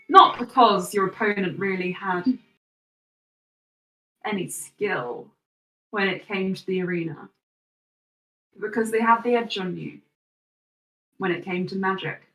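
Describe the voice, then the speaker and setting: A woman narrating a tabletop role-playing game as game master, in slow, measured second-person description. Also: medium pitch, sharp tone, echoey room, far from the mic, low-quality recording.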